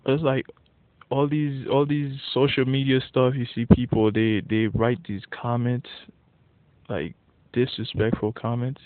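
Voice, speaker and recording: A man's voice: mid-range voice, measured pace, no room sound. Male vlogger, blunt and profane casual rant, recorded with thin lo-fi phone quality. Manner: blunt, profane, animated when worked up. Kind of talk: casual ranting monologue. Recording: tinny phone-like dry audio.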